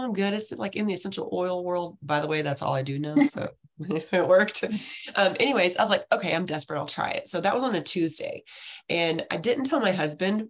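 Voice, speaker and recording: A woman, sick with the flu, chatting as a hormone coach and telling stories with frequent laughs. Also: fairly low pitch. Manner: chatty storyteller, laughs often. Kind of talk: casual class chat.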